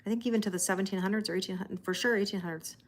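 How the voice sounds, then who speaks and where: A woman's voice: mid-range voice, fairly even intonation, very fast. A Canadian woman with a Canadian accent, hosting a tarot livestream in casual chat and greeting viewers by name as she reads their comments aloud.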